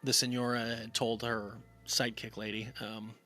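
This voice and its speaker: Recapping a movie's story for a review podcast, a man speaks at normal speed in a mid-range voice that's pushed and bright, though his delivery is flat. His retelling wanders, heavy on fillers, and he performs the characters' quotes himself. Soft music plays in the background.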